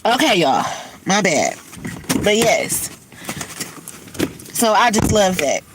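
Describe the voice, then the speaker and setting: A woman's voice: medium pitch, sing-song, slow, a little hiss or hum, low-quality recording. Tearful woman livestreaming, candid and sniffly. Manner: tearful, candid, addresses viewers as y'all. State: teary, sniffly from crying. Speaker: livestream host. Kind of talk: emotional casual livestream talk.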